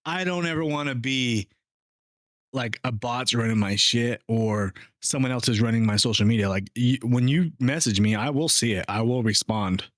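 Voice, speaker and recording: A man co-hosting a casual podcast, talking in a loose, joking, animated way into a studio microphone. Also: medium pitch, moderate pace, no echo. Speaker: podcast co-host.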